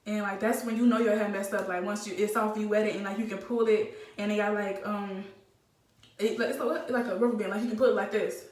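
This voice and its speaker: A young woman telling a casual storytime vlog, animated and slangy with lots of fillers. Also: mid-range voice, fairly quick. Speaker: vlogger. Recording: roomy, slightly distant phone mic.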